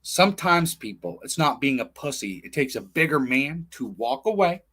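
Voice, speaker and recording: A man's voice: medium pitch, sing-song, moderate pace, fairly bright tone. A man hosting a livestream, telling personal stories in a rambling, blunt, profane casual monologue. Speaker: livestream host.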